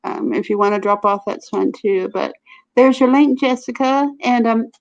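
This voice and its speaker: A woman's voice: fairly high pitch, moderate pace. A woman with a Southern US accent hosting a casual live stream, chatty and laughing often. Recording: dull lo-fi stream audio.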